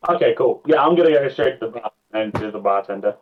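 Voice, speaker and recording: A man's voice: medium pitch, animated, fast talker, a little hiss or hum. A man playing in a tabletop game, talking casually and a bit hesitantly. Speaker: player. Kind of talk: tabletop game play over voice chat. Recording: phone-like voice chat.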